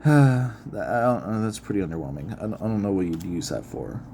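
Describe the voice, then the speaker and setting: A man's voice: on the low side, animated, a little fast, mellow, slight background noise. A man hosting an unedited card-opening video, chatting casually, reading card text aloud and musing with frequent laughs.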